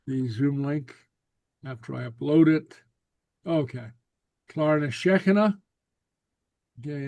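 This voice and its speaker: A man teaching a Gaelic class over a video call, relaxed and full of fillers and repeated okays. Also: mid-range voice, no echo.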